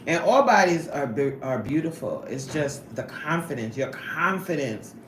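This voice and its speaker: Animated, laughing woman livestreaming. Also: deep voice, moderate pace, echoey room, noisy background. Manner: animated and sassy, laughs often. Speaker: livestream host reading chat. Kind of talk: casual livestream chat.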